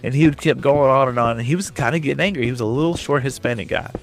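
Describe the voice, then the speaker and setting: A man's voice: mid-range voice, racing. Texan man rambling on a game stream. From West Texas. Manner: rambling storyteller, chatting with viewers. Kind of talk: casual chat while gaming.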